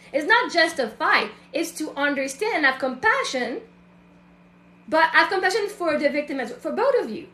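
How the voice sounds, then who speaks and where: A woman's voice: high voice, bright, forceful tone, reverberant. A woman, a self-love and mindset coach, talking casually and emphatically to her online audience. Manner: emphatic, acts out other people's voices.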